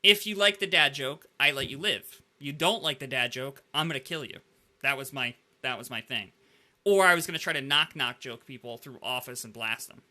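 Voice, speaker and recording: Animated man telling gaming stories. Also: mid-range voice, normal speed. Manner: animated storyteller, heavy use of "like". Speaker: podcast host. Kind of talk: casual gaming podcast chat.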